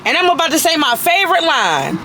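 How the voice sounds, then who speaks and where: A woman's voice: very high-pitched, big pitch swings, a little fast, noisy background. A woman vlogger ranting angrily to camera, profane and emphatic, repeating herself for force. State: very angry. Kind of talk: angry personal rant to camera.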